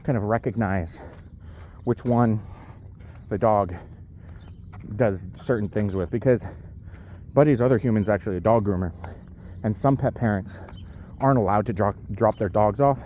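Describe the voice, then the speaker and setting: Walking his dog uphill outside, a powerlifter vlogs his day, slightly breathless as he chats into the camera. He has a fairly low, mellow voice at normal speed with long pauses, rambling with many fillers against a bit of background noise.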